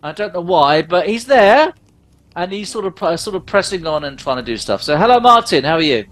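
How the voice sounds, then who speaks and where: Lively, chatty male podcast host. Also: high-pitched, a little fast. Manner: chatty, rambling, lots of fillers and restarts. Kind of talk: casual chat.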